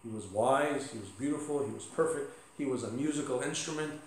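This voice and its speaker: A man's voice: medium pitch, fairly quick. A male pastor giving a conversational sermon with asides and light humor. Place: church sanctuary. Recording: echoey church sanctuary.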